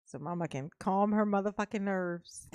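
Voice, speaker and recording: A woman's voice: medium pitch, moderate pace, clear, resonant tone, dry recording, clean studio sound. A woman vlogger ranting in casual commentary, profane and laughing often. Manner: profane, laughing, animated Southern-Black-vernacular delivery.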